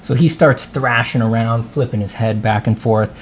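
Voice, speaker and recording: A man telling a long, rambling, deadpan story in a soft ASMR voice while he draws, often wandering off into side remarks. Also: medium pitch, normal speed, slight background noise. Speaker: artist and channel host.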